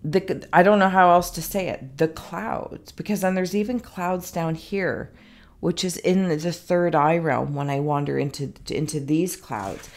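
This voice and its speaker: A woman with a lowish voice and a slightly slow pace gives a casual psychic reading. She rambles and thinks aloud, full of fillers and a few self-mocking asides, in an easygoing intuitive reading.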